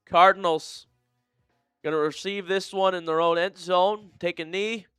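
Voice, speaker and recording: A bright, crisp, unhurried male voice belongs to an excitable fan streamer giving live play-by-play commentary at a watch party. He swings between shouted calls and low, disgusted muttering. The studio-quality recording is dry, with soft music in the background.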